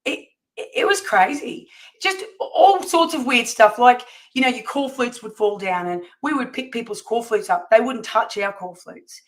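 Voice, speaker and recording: Animated woman telling a story. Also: on the high side, normal speed, poor audio. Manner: animated storyteller acting out quoted people. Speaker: campaign volunteer and panel guest. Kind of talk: casual panel chat, retelling events.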